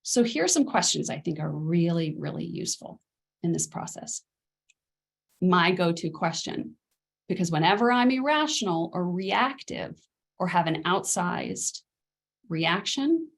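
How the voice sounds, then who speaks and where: Een vrouw die als ouderschapscoach een les geeft, in een gemoedelijke spreekstijl, en die zinnen van ouders en kinderen naspeelt. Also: female voice, on the low side, expressive, a little slow, creaky, pauses often. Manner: conversational, acts out parent and child quotes. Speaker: parenting coach. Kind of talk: spoken masterclass lesson.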